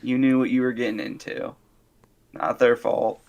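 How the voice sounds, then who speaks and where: A man's voice: mid-range voice, flat delivery, normal speed, gravelly, darkish tone, dull audio. A man co-hosting a casual podcast, joking, laughing often and mimicking people in quotes. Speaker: podcast co-host. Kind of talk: casual chat.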